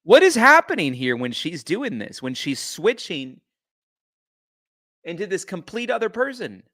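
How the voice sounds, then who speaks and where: A man's voice: high-pitched, sing-song, a little slow, fairly bright tone, a little hiss or hum. Incredulous mocking male commentator. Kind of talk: reaction commentary for a live stream.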